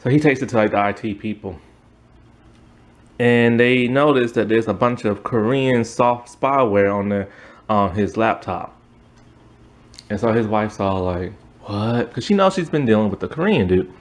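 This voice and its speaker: A man giving a casual, animated recap and review of a TV series, acting out the characters' lines in quick asides and breaking into exasperated outbursts. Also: lowish voice. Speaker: show reviewer.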